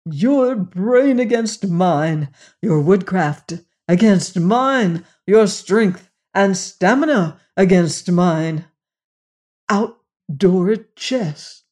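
Reader doing aristocratic Cossack general, audiobook; suave, menacing, very slow and drawn out. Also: mid-range voice, animated, a little mellow. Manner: courtly, unhurried, drawn-out phrasing. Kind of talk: audiobook character reading.

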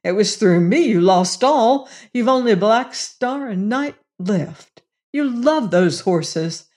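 A woman's voice: fairly high pitch, lively intonation, takes it slowly, darkish tone, voice pushed up. A woman reading aloud and voicing a desperate young male rider, pleading and agitated with a raised voice. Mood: anguished.

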